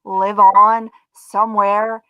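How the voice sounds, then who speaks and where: A woman co-hosts a live talk show, chatting casually and animatedly, swearing freely. Her voice sits at a middle pitch and sounds close and dry. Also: level tone, slow, no echo, phone-quality sound. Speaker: co-host. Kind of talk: casual chat.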